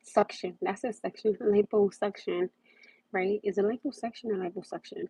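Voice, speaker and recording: A woman's voice: medium pitch, little pitch movement, moderate pace, dark tone, slightly rough, dry recording. A young woman hosting a casual livestream, rambling and repeating herself as she talks. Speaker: livestream host. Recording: muffled lo-fi livestream audio.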